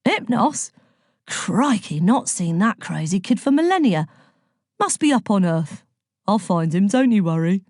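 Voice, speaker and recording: A woman's voice: medium pitch, sing-song, unhurried, darkish tone, dry recording, studio quality. A woman voicing a cheery male ferryman of the underworld in a storybook, chatty and colloquial. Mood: chummy. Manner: chummy, colloquial.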